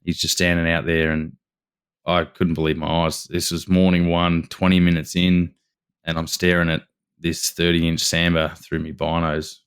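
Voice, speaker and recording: An Australian man tells a story on a podcast, his voice very deep and smooth. He speaks in a fairly flat tone and rambles eagerly, restarting his sentences as he goes. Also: moderate pace. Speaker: podcast guest. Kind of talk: casual storytelling.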